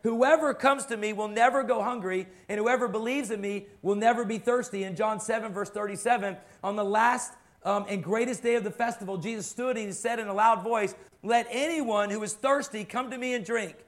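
A man's voice: sits high, a little fast, few pauses. A man preaching a sermon to his congregation, impassioned and fond of repeating phrases for emphasis. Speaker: pastor.

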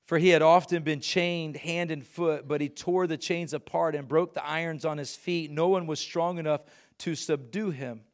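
Middle-aged male pastor, emphatic sermon delivery, voice sits a bit high. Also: fairly even intonation, normal speed. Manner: emphatic preaching, rising loud on key points, reading scripture aloud.

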